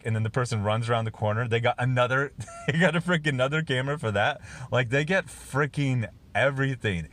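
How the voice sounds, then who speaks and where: A man chatting through a film review in a plain, mid-pitched voice. He rambles, stacks up fillers and restarts, and breaks into little chuckles along the way, which makes it sound unscripted and relaxed. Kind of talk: casual film review vlog.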